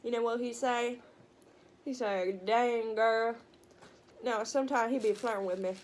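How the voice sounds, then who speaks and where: A woman's voice: fairly high pitch, moderate pace. A woman with an American country accent, chatting crudely and joking while eating on camera in a casual vlog. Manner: crude, joking, laughs a lot. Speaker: mukbang vlogger.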